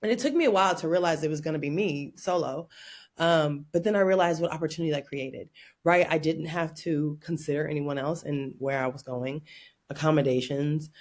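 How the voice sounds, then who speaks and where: A woman from Oakland, California, a podcast guest telling stories in an animated, playful way and laughing often. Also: low-pitched, brisk. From Oakland, California, USA. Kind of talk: casual interview chat.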